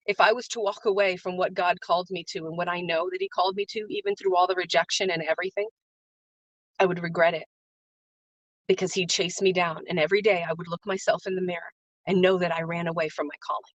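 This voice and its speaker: A woman's voice: lowish voice, fairly even intonation, a little fast, long pauses, no room sound, dull audio. A woman hosting a live stream and giving an earnest, emotional motivational talk, repeating phrases for emphasis and greeting her viewers by name. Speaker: livestream host and faith-based business coach.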